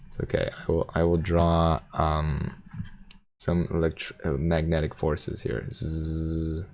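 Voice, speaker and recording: A man's voice: a bass voice, level tone, a little slow, vocal fry, darkish tone. A man hosting a casual livestream, reading viewer comments aloud in a jokey, playful way. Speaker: livestream host reading chat.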